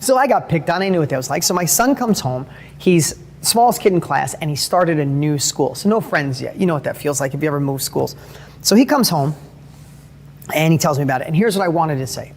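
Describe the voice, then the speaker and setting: A middle-aged man with a high-pitched voice gives an earnest motivational talk, telling family stories with frequent restarts and self-corrections. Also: animated, fairly quick. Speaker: motivational speaker.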